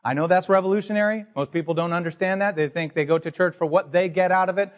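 A man's voice: high-pitched, racing, few pauses, in a large hall, muffled recording. A man pastor preaching an emphatic, teacherly sermon to his congregation in a church sanctuary.

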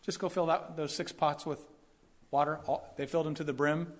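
A man delivers a conversational sermon as a Bible teacher, his voice sitting notably high for a man. He is animated and expressive, slipping into quick character voices for the people in the passage and laughing as he goes. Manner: animated, acts out quoted voices, laughs often. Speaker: pastor.

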